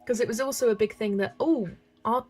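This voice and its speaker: A young woman, chatting casually and excitably while colouring and answering comments, with music playing softly behind her. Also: a little high, racing, low-quality recording. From England. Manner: chatty, excitable, laughs often. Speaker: colouring livestreamer.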